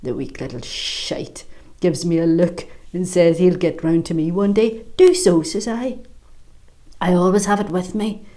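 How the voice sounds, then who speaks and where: A woman's voice: fairly low pitch, unhurried, close to an everyday voice. A woman playing a fierce, bitter Irish mother. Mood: scornful, fierce. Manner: sharp-tongued, swearing, mocking storytelling. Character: bitter, fierce middle-aged Irish mother, hard-edged. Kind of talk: stage monologue.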